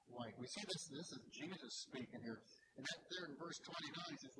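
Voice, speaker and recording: A man's voice: mid-range voice, animated, fairly quick. A man preaching a sermon in a folksy, conversational way, using homely everyday examples. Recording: loud background noise.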